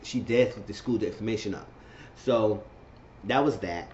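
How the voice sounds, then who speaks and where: Man, casual TV recap, excitable retelling, roomy room sound, muffled lo-fi audio. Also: fairly low pitch, a little slow, a little hiss or hum. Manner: excitable storytelling, repeating phrases, jumping into quoted voices. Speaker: TV recap vlogger.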